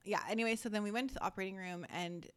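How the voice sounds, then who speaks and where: Woman in her thirties, podcast co-host, casual chat, chatty and full of fillers, mid-pitched. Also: very fast, smooth. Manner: chatty, many fillers, animated storytelling.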